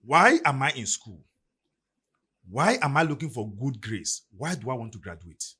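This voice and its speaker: A middle-aged man with a Ghanaian English accent talks on a podcast with emphatic, preacher-like force. His voice is husky and slightly breathy. His pitch swings widely as he builds each point. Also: big pitch swings, moderate pace, sharp tone. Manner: preacherly, emphatic, rising and falling delivery. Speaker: podcast guest. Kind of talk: motivational podcast talk.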